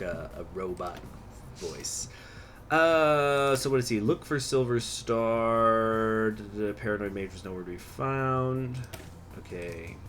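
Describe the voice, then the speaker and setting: Hosting a strategy game let's-play, a man chats casually, wanders into asides and reads event text aloud. His voice is lowish and a bit bright, with a little hiss or hum present.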